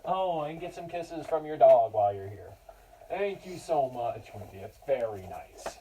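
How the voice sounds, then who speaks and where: A man's voice: medium pitch, big pitch swings, measured pace, far from the mic, heavy background noise. A man teaching a yoga class for children, giving cues in an encouraging, playful way and chatting to his dog between poses. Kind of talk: guiding a kids yoga class.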